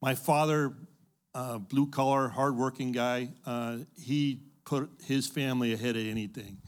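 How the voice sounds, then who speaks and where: A man's voice: medium pitch, fairly even intonation, measured pace. A man from the Los Angeles area, sharing in a group talk in a reflective way and quoting scripture.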